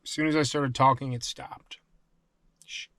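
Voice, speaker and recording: A man's voice: mid-range voice, steady tone, brisk, dry recording. A man filming a casual camping vlog, talking loosely with lots of fillers, outdoors and then from his truck. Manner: rambling, frequent fillers, grows hushed and frightened. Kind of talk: casual vlog talk to camera. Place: outdoors in wooded lot, later inside truck.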